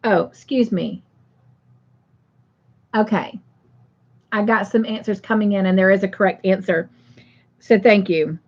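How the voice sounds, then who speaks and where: A woman's voice: medium pitch, steady tone, measured pace, pauses often, highs cut off. A woman hosting a casual livestream, chatting affectionately with viewers and reading out their comments. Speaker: livestream host.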